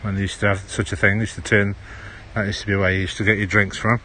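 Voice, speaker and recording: A man's voice: fairly low pitch, level tone, fast, bright, forceful tone, slight background noise. A man with a Stoke-on-Trent accent chatting casually while walking through an outdoor park on a phone livestream, dropping his H's. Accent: Stoke-on-Trent (Potteries). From Stoke-on-Trent, England. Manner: rambling, chatty, drops H's. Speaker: livestream host. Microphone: handheld phone.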